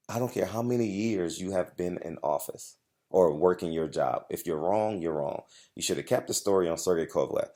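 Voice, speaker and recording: A man with a deep, low-pitched voice speaks straight to his audience in a heated monologue. He drives each point home by repeating it and cuts in with short asides to his viewers. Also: a little mellow. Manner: emphatic, repetitive, confrontational storytelling. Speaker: boxing journalist and channel host. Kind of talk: direct-to-camera monologue.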